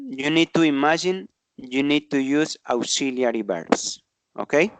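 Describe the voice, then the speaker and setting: A man's voice: medium pitch, no echo. A man teaching an online English grammar class, explaining patiently and often checking in with tag questions.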